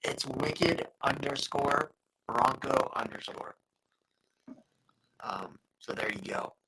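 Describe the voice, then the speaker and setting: A man hosting a casual sports podcast, laid-back and quick to laugh. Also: mid-range voice, very noisy. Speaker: podcast host.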